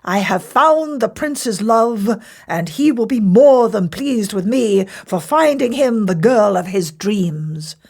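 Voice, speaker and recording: A woman's voice: mid-range voice, lively intonation, slow, creaky, darkish tone, exaggerated voice. A woman doing a pompous royal messenger. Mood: pleased. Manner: formal, dutiful, self-important.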